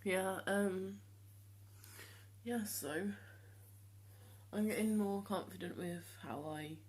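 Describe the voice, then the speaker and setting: A seventeen-year-old young man talking casually to the camera in a vlog, hesitant with many ums and restarts, speaking in a voice he has deliberately trained lower. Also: breathy edge. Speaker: vlogger.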